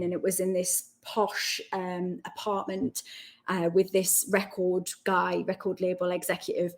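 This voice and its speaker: A woman with a Geordie accent, chatting as a guest on an interview podcast and telling lively stories. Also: medium pitch. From North East England. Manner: animated storyteller, quick asides. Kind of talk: casual interview chat.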